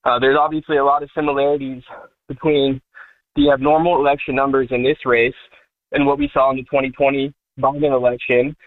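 A man calling in to a radio show, earnest and rambling with halting fillers. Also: mid-range voice, flat delivery, no echo. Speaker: caller. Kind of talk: call-in talk radio. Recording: tinny phone line.

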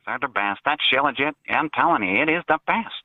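A man's voice: medium pitch, lively intonation, a little fast, dry recording, close to an everyday voice. A man calling in with a brash, cartoonish put-on voice, taunting and boasting. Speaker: caller. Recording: tinny phone line.

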